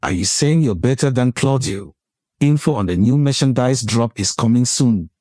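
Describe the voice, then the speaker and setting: A man's voice: medium pitch, animated, normal speed, darkish tone, no room sound, studio quality. A man giving a scripted, playful intro to a podcast with a mock-menacing tone. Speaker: show intro announcer.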